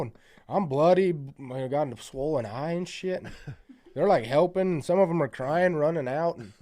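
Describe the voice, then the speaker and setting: A man telling a wild story in casual podcast chat, rambling with lots of fillers and swearing, louder as it builds. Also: on the high side, moderate pace. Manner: rambling, profane, many fillers; gets loud and excited at the climax.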